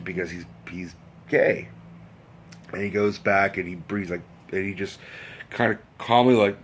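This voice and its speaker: A man's voice: fairly low pitch, measured pace, slight background noise. A man in a casual vlog rant, telling a story in a rambling, profane way with many restarts. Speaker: vlogger.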